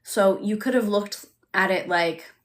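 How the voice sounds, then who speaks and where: A woman's voice: mid-range voice, measured pace. A woman coaching on manifestation in a casual live stream, chatty and full of "like", acting out quoted self-talk.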